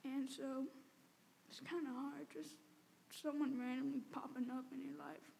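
A teenage girl giving an emotional personal testimony, halting and tearful, with many "like"s and "um"s. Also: sits high, little pitch movement, gravelly, mellow. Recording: long reverb, faint background noise.

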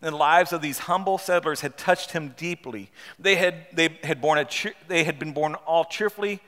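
Male preacher, fairly high and bright-toned, stop-start storytelling full of rhetorical questions, long hall reverb. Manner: halting, repeats words, asks rhetorical questions. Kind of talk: storytelling sermon with read-aloud passages.

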